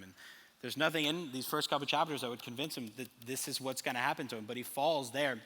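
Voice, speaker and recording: A young man preaching a sermon, animated, acting out little scenes as he tells the story. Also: mid-range voice, fairly quick. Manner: animated storytelling with acted asides. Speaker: pastor. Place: large church hall. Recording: long reverb of a big hall.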